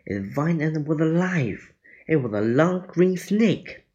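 A man reading a children's adventure book aloud, deliberate with small slips. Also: on the high side, animated, darkish tone, muffled recording. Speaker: reader.

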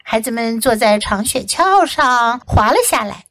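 A woman teacher reads a children's story aloud with clear, expressive diction. Her high voice rises and falls a great deal, and she takes her time. The recording is close and dry. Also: a little slow. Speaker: English teacher. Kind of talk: bilingual children's storybook reading.

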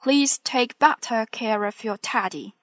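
A woman's voice: a little high, measured pace, no room sound, studio quality, lightly acted. A woman doing a polite, formal policeman. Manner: courteous and formal.

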